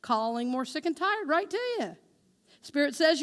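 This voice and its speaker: A woman minister preaching with a high, bright voice. She asks her congregation questions and waits for them to answer. She speaks her affirmations slowly and with care. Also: expressive. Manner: engaging the congregation with call-and-response questions; slow, deliberate spoken affirmations. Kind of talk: sermon.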